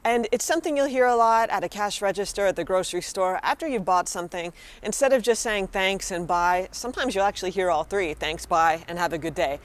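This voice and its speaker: American woman, young adult, casual vlog lesson, encouraging, mid-pitched voice. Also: brisk, few pauses. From United States. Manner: chatty and encouraging, addresses viewers directly. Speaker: vlogger teaching French phrases.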